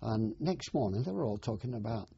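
An older man, a war veteran, telling his memories in a plain, unhurried oral history interview. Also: on the low side, expressive, gravelly, mellow, slight background noise. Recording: dull, dry archive interview recording.

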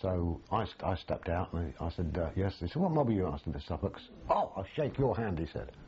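An older man, recalling his army days in an animated, storytelling way, full of restarts. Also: sits low, brisk, lo-fi sound, a little hiss or hum. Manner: animated, acts out quoted voices, frequent restarts. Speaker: army veteran interviewee. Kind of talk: storytelling reminiscence.

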